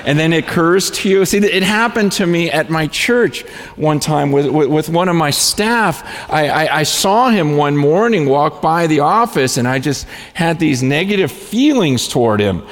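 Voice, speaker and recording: A man's voice: on the high side, expressive, moderate pace. A man preaching a sermon as a pastor, telling a story with frequent restarts and repeated words. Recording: long hall reverb.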